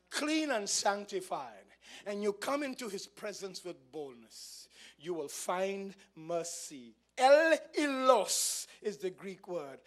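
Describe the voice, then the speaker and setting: High-voiced pastor, slow and bright. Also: male voice. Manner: swings from hushed to shouting. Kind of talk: sermon.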